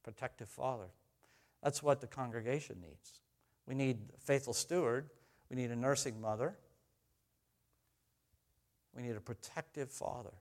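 A middle-aged pastor of medium pitch preaches at normal speed, pausing often. He relates family stories conversationally, moving from loud exhortation to soft, tender asides.

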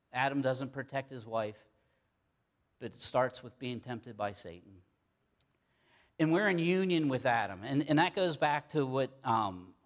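A man preaching in a relaxed, talky way. He speaks at a middle pitch and stumbles through fillers and repeated words as he makes his points. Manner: conversational, folksy, with many fillers and repeated words. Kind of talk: sermon.

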